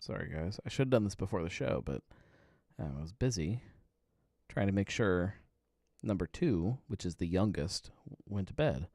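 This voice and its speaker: A man's voice: sits low, lively intonation, moderate pace, dark tone, dry recording, studio quality. A man in his thirties hosting a casual live happy-hour show from home, rambling in a laid-back way and chuckling often. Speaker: podcast host. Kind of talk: casual live-stream chat.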